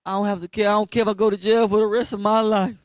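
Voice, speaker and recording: A man preaches in a blunt, slangy street style, calling on listeners to finish each verse aloud. His voice sits a little high for a man. The sound is dry and close. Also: little pitch movement, racing, no echo. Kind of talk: street sermon teaching.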